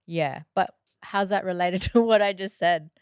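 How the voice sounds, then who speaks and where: A woman's voice: on the low side, normal speed, darkish tone, clear, resonant tone, dry recording, clean studio sound. A woman co-hosting a casual podcast, discussing a film and often agreeing with her partner. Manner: agreeable, frequent affirmations and fillers. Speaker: podcast co-host.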